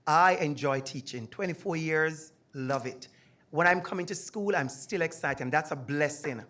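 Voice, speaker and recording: Animated man with a Jamaican accent. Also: fairly high pitch, moderate pace. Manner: animated and emphatic. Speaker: university lecturer on a panel. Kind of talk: personal testimony at a panel discussion.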